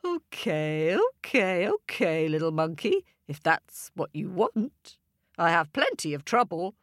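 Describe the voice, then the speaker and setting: A woman voicing a patient, kindly old god figure in a storybook, speaking in a slow, gentle, lowered voice. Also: sing-song, dry recording, studio quality.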